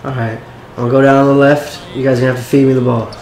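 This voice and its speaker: A man giving casual, excitable gameplay commentary, cursing and talking back to the game and his coach. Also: medium pitch, rapid-fire, roomy sound. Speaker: gaming YouTuber.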